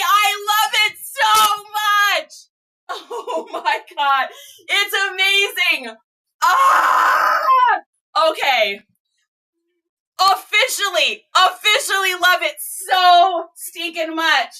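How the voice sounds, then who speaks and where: A woman reseller chatting casually to viewers, gushing and excitable as she unboxes items. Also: very high-pitched, slow, shouting, recorded from a distance. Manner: gushing, excitable, squeals and laughs. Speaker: reseller vlogger.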